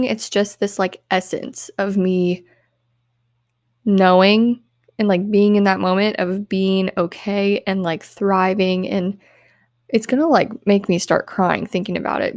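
A woman's voice: medium pitch, a little mellow, no room sound. A young woman hosting a self-help podcast, talking in an earnest, heartfelt way with many "like"s, close to tears. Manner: earnest, heartfelt, uses "like" often. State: tearful, on the verge of crying. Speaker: podcast host.

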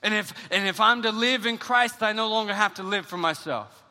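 Young pastor, high and very bright voice, lively storytelling sermon, long church reverb. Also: male voice, brisk. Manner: animated storytelling, repeats words when excited.

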